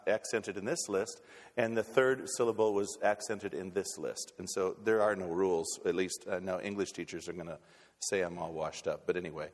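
Preaching as pastor in a church sanctuary, this man has a lowish, darkish voice and a folksy manner. He keeps stumbling on repeated words and starting over, with long reverb from the hall around him.

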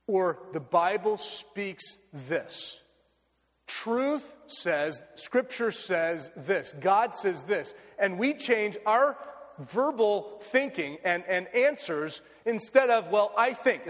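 A man's voice: high voice, a bit bright, big-room sound. An American man preaching a sermon, earnest and repeating key phrases for emphasis. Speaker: pastor.

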